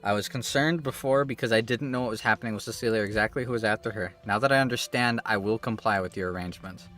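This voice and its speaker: A man's voice: on the low side, fast talker, a bit bright, soft background music, natural voice. A man reading the lines of an earnest young male executor from a story game, in a pleading tone. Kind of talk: reading game dialogue aloud.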